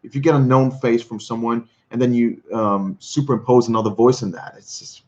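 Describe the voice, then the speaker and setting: A man from Switzerland, hosting a casual livestream and chatting with viewers in a halting way, often repeating words and chuckling. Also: mid-range voice, steady tone, a little mellow, highs cut off. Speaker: livestream host. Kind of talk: casual chat reading viewer comments.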